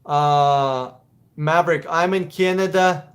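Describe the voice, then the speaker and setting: A man's voice: fairly high pitch, slow pace. A man with a Russian accent hosting a casual live Q&A stream, answering chat questions in a blunt, profane, opinionated way. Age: adult.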